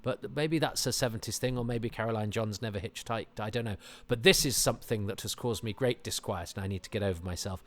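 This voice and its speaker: A man hosting a podcast, giving rambling, self-deprecating commentary with animated asides. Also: on the low side, fairly quick, hardly any pauses. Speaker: podcast host. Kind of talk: casual commentary.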